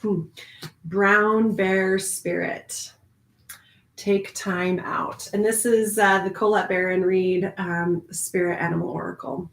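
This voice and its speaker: A woman giving a casual spiritual oracle card reading, animated and laughing often, moving from hushed calm to excited outbursts. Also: medium pitch, slow pace, creaky, roomy sound.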